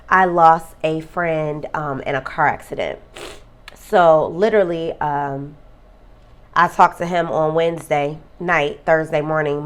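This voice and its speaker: A woman vlogger talking earnestly about a friend's death, emotional and close to tears. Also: deep voice. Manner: emotional, tearful; reflective, earnest. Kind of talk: personal vlog talk.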